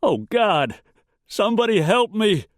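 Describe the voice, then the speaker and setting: A man's voice: very animated, measured pace, dry recording. A man voicing a wounded carpetbagger who gasps and pleads in panic. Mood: panicked pleading. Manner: gasping, shrill and panicked. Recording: dry close recording.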